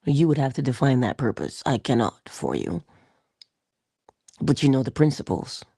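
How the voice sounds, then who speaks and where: Low-voiced woman, soft whispered emphasis. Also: sing-song, moderate pace, creaky, husky, no room sound, studio quality. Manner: drops into whispers for emphasis, laughs often. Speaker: host of a morning inspiration show. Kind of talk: casual inspirational talk with a story.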